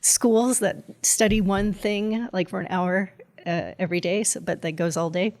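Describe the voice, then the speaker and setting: A woman's voice: medium pitch, steady tone, normal speed, darkish tone. A woman guest on a podcast, a cybersecurity strategist talking in a chatty, rambling way, full of fillers and laughs. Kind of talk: casual conversation.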